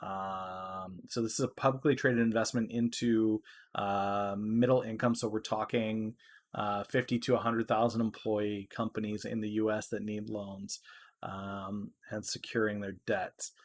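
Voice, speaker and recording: A man hosting a stock market podcast, talking casually in a loose, filler-heavy way that gets loud when he is excited. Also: lowish voice, unhurried.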